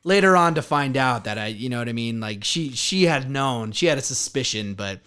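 A man's voice: medium pitch, lively intonation, moderate pace, pushed and bright, clear, resonant tone. A man in his thirties telling a profane, laughing story in casual chat, acting out the quotes.

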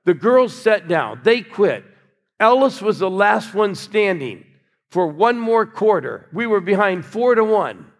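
An older man's high voice swings widely in pitch at a measured pace as he preaches. The pastor coaxes his congregation to answer and cheer in call-and-response, and the large church hall he's in gives a long reverb.

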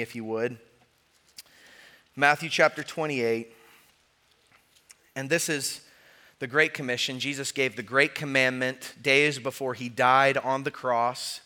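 A man's voice: medium pitch, bright, forceful tone. A man preaching a sermon to his congregation as pastor, earnest and direct, asking rhetorical questions.

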